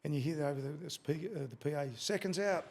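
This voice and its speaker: Gravelly Australian man telling a story. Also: a little high, little pitch movement, quick pace, mellow. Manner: swears freely, tells a story with relived quotes. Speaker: guest, former fighter. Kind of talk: casual storytelling in a podcast interview.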